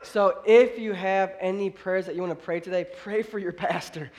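A man preaching a sermon as pastor, hoarse from losing his voice, chatty and energetic with the congregation. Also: sits high, normal speed.

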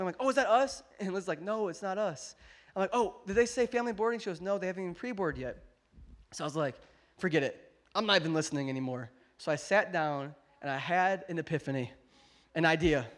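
A man in his thirties preaching a sermon, telling a family story and building to a loud, emphatic climax. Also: sits high. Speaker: pastor.

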